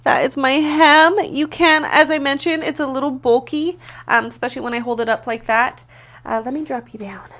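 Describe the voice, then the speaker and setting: A woman chats to her camera at home in a casual vlog. Her voice sits a touch high, and she rambles freely, poking fun at herself as she works things out aloud. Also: fairly even intonation, normal speed, fairly bright tone. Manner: chatty and self-deprecating, thinking aloud with fillers. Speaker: vlogger. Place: at home, indoors.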